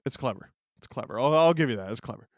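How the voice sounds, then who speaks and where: A man's voice: mid-range voice, expressive, fast talker, no echo, clean studio sound. A man hosting a live stream, giving casual sarcastic commentary while watching a game and reading chat questions aloud. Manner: sarcastic, joking banter.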